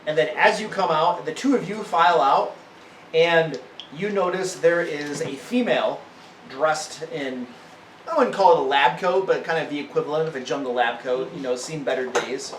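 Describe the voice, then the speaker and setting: High-voiced man running a game. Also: a little hiss or hum. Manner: casual, halting. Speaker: game master. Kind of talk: narrating a tabletop game. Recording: echoey room, mic at a distance.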